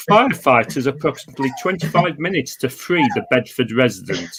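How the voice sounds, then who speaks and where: A man's voice: medium pitch, sing-song, brisk, few pauses, very noisy. A man hosting a comedy panel game, reading out news stories with dry, wry patter. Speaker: host.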